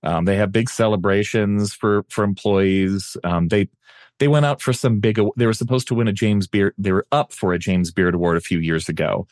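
A man with a fairly low voice chats easily on a podcast, wry and a little hesitant as he restarts his sentences. The recording is dry and close. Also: normal speed, a little mellow, no echo. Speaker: podcast co-host. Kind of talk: casual chat.

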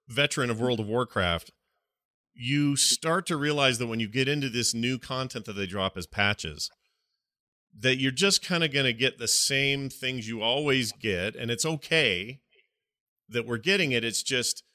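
Bright-voiced man, casual podcast chat. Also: mid-range voice, expressive, moderate pace, no room sound, clean studio sound. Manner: rambling, self-deprecating. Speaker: podcast co-host.

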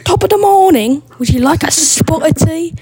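A woman's voice: extremely high pitch, expressive, normal speed, darkish tone. A woman voicing an over-the-top stereotypical British character in a listener voice message, with an exaggerated mock-British delivery. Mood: mock-posh.

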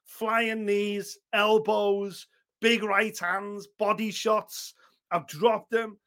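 High-voiced excitable guy. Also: drawn-out words. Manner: excitable, gushing, swears freely. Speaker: podcast co-host. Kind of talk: casual MMA chat.

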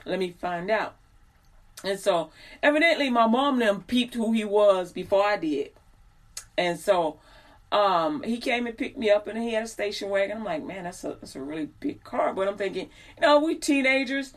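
A woman's voice: medium pitch, moderate pace. A woman in her forties telling a personal story in a casual, rambling way, acting out the people she quotes. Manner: chatty, digressive, acts out quoted people. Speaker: host.

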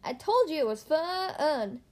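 A woman's voice: sits high, normal speed, close to an everyday voice. A woman voicing a cheerful, folksy male tow truck with a playful country drawl in a storybook.

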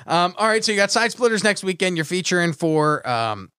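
A man's voice: high voice, big pitch swings, fairly quick, bright, forceful tone, clear, resonant tone, dry recording, studio quality. A man hosting a podcast, telling stories in a laid-back, casual way and swearing freely. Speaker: podcast host.

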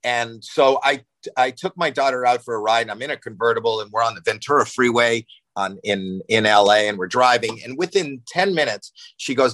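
A man in his sixties, a podcast guest telling a long, animated anecdote and acting out panic in it. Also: medium pitch, fairly quick, dry recording, low-quality recording. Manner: excitable, acts out panic and shouting in anecdotes. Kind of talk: animated storytelling.

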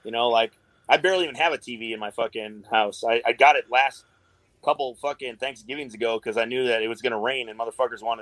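A man's voice: medium pitch, fairly even intonation, quick pace, a bit bright, dry recording, poor audio. A middle-aged man talking casually as a podcast guest, swearing constantly and rambling through his stories in a laid-back way. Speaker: guest, tattoo artist.

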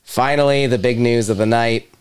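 A man's voice: medium pitch, steady tone, normal speed, clear, resonant tone, dry recording. Joking man leading a casual podcast chat. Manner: joking, leads the topics. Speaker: podcast co-host.

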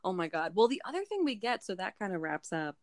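A woman co-hosting a book podcast, recapping a novel in a rambling, animated way full of filler words. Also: mid-range voice, fast talker, no echo, clean studio sound. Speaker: book club podcast co-host. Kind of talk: casual chat recapping a novel.

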